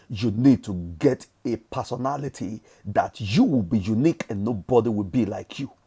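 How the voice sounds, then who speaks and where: Nigerian male vlogger, fairly low warm voice, emphatic motivational preaching, casual swearing. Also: breathy edge. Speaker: forex trading vlogger. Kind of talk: motivational monologue.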